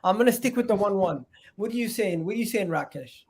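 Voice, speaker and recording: Man, high voice, podcast host, playful, defends his picks, casual football chat. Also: expressive, fast talker, creaky, darkish tone, husky.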